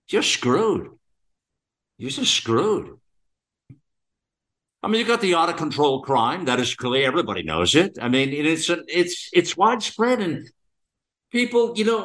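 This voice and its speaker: This middle-aged man hosts a podcast, talking through a meandering monologue full of repetition, filler words and rhetorical questions. His voice sits on the high side with a slightly bright quality.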